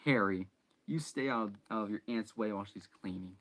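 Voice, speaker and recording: A man's voice: fairly low pitch, moderate pace, fairly bright tone, close to an everyday voice, rough recording. A man voicing a blustering, nasty middle-aged uncle in a stern, clipped commanding tone. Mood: bossy.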